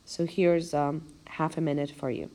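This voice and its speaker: A woman's voice: low-pitched, little pitch movement, warm tone. A woman teacher giving a recorded video lecture, explaining step by step and counting out syllables with care. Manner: slow, careful explanation, spelling out syllables. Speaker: language teacher.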